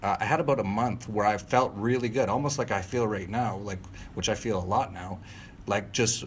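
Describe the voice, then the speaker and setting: A man's voice: fairly low pitch, moderate pace, a little hiss or hum. A middle-aged man recounting a personal story as an interview guest, rambling with many fillers and restarts and breaking into short laughs. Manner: rambling, frequent fillers and self-corrections, laughs mid-sentence. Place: at home.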